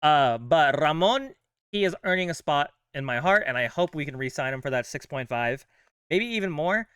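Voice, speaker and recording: Bright, crisp-voiced upbeat male host. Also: a little high, animated, normal speed, no echo, studio quality. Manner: chatty and upbeat, loose with fillers. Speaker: host of a fan sports channel. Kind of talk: casual chat.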